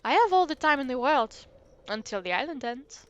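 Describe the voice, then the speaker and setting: A wry French ghost lady waiting to be laid to rest, voiced by a woman with a put-on French accent. She talks in a languid, theatrical way, and the voice is smooth and clear. It sits fairly high. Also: very animated, normal speed, no room sound, highs cut off. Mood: calm. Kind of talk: reading game dialogue aloud.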